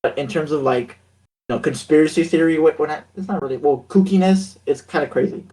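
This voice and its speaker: A man's voice: on the high side, fairly even intonation, fast talker, a little mellow, rough recording. A man co-hosting a casual podcast over a voice call, joking and sarcastic, laughing often.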